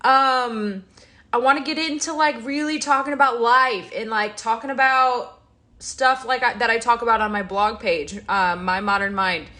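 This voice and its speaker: A woman's voice: on the high side, fairly even intonation, moderate pace, sharp tone. A woman, sounding a little stuffy, chatting casually on a livestream and answering viewers as she goes. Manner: chatty, rambling, reads viewer comments aloud. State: stuffy-nosed, yawning. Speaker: livestream host.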